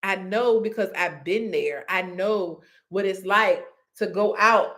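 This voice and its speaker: Lively woman giving a faith pep talk. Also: mid-range voice, takes it slowly. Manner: lively, conversational, addresses listeners as y'all and honey. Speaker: podcast host.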